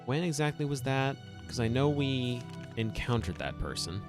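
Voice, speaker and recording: Game streamer, male: dry, wry muttered commentary, animated pitch, game music bed. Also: normal speed. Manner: wry, muttering, reads quest text aloud. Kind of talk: casual gameplay commentary.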